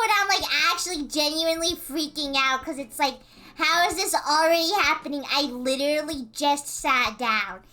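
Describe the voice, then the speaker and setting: A woman streamer casually retelling a story in an animated way, full of fillers and quick laughs. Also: high voice.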